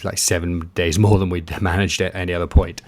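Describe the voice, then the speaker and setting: A man's voice: sits low, level tone, a little fast, no echo. A man being interviewed about a sea kayaking expedition, telling it casually with many fillers and restarts.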